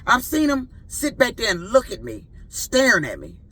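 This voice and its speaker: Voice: medium pitch, moderate pace, creaky, slightly rough. Indignant driver in their fifties. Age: 50s. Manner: animated, profane, indignant. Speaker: rideshare driver. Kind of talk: ranting storytime vlog.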